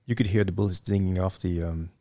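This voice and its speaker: A man's voice: deep voice, steady tone, fast talker, dark tone, no room sound. A middle-aged man, a guest in a casual interview, telling stories with lots of fillers and restarts. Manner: rambling, many fillers and restarts. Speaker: guest, retired Marine officer.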